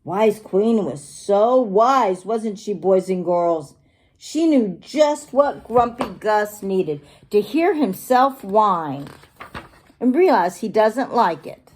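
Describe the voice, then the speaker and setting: A teacher reading a picture book aloud to young children, stopping to explain and ask them questions. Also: female voice, mid-range voice, takes it slowly, slight background noise. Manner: animated, asks the children questions.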